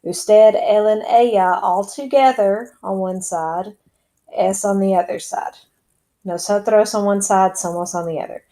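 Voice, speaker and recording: Woman, teacher, chatty step-by-step lesson, unhurried, warm low-key tone. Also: steady tone, low-quality recording. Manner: chatty, explains step by step while typing. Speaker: Spanish teacher. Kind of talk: recorded classroom lesson. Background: keyboard typing and clicks.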